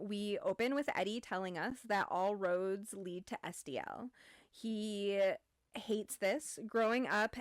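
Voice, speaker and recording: A woman with a mid-range voice hosts a casual book club podcast, recorded dry with clean studio sound. She summarizes a novel in a chatty way, filling her speech with lots of "um"s and "like"s.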